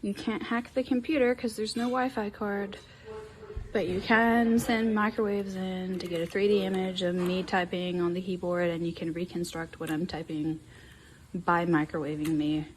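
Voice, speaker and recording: Woman, casual talk, urgent and repetitive delivery, lowish voice. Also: level tone, normal speed, a little hiss or hum. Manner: urgent, repeats herself, many fillers. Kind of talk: casual chat.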